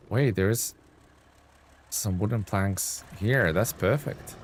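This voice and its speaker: A man's voice: on the low side, takes it slowly, a little hiss or hum. A young man giving casual, rambling commentary while he streams a game and thanks viewers in chat.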